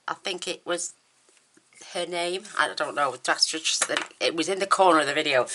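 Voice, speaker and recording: A woman's voice: low-pitched, bright, forceful tone, slight background noise. A woman demonstrating a papercraft card in a chatty, enthusiastic, rambling way, with her mouth numb from the dentist. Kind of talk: casual crafting tutorial.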